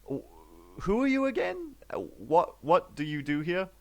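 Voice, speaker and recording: A man's voice: high voice, big pitch swings, a little slow, voice pushed up, heavily acted. A man voicing a flustered traveler who stammers and hesitates.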